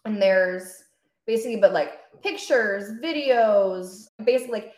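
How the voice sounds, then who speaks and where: A woman physical therapist from Florida, a guest on a podcast, upbeat and quick to laugh. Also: medium pitch, echoey room. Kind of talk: casual interview chat.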